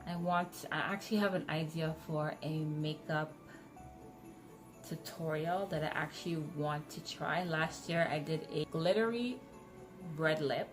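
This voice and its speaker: A woman vlogger chatting casually to her viewers, excitable and self-correcting, talking with retainers in, so her words sound slightly muffled. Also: sits low. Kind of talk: casual chat to camera.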